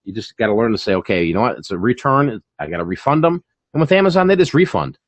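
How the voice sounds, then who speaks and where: Male host, casual and chatty, animated delivery, dry sound. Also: lowish voice, fast, no room sound, muffled recording. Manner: animated, chatty, full of fillers and repeats. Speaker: channel host and online reseller. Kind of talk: casual chat on a live stream.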